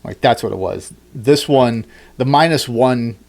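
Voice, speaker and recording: Male podcast host, casual chat, rambling and lively, middle pitch. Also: unhurried, creaky. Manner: rambling, animated storytelling with frequent restarts.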